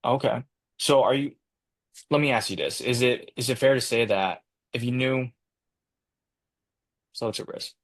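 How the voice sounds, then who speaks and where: A man practicing a sales pitch in a role-play. He hesitates and keeps restarting lines he reads from a script. The sound is dry, with no echo, and his voice has an ordinary middle pitch. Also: animated, moderate pace, pauses often. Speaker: sales trainee.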